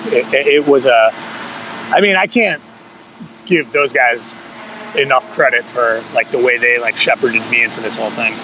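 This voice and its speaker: Rambling, swearing punk singer. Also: male voice, medium pitch, normal speed. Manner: loose, rambling storytelling with frequent swearing and chuckles. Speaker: podcast guest, singer in a punk band. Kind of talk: casual conversational interview. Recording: dull lo-fi podcast audio with faint hum.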